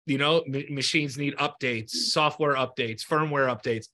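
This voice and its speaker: A man's voice: mid-range voice, moderate pace, pushed and bright. A man hosting an interview show, talking earnestly and encouragingly, repeating himself and swearing freely. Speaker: podcast host. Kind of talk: heartfelt interview chat.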